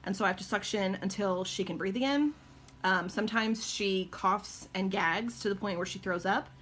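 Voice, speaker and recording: A woman's voice: moderate pace, a bit bright. Woman, middle-aged, casual phone-mic home stream, rambling chatty delivery, faint background hiss. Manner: chatty, rambling, many ums and likes; high cooing baby talk to her dogs. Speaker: live-stream host and caregiver mom. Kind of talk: casual live-stream chat answering viewer questions. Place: her home, indoors.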